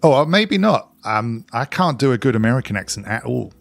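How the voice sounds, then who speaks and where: Gravelly, brisk and very animated, this mid-range male voice belongs to a streamer whose accent mixes English and Scottish. He's from England and keeps up a chatty exchange with viewers, reading and responding to chat mid-game.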